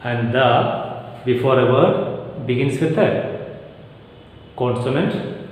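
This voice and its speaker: Male English teacher, slow repetitive lecture delivery, heavy room echo. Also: medium pitch, expressive, a little mellow. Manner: slow and repetitive, repeats key phrases. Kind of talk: recorded class lecture. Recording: very echoey room, long reverb.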